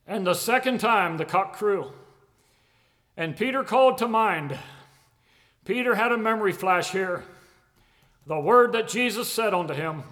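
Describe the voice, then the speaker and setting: A man preaching a sermon in an emphatic, repetitive cadence that swings from loud declarations to hushed tones. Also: high-pitched, animated, measured pace, long pauses, long reverb tail.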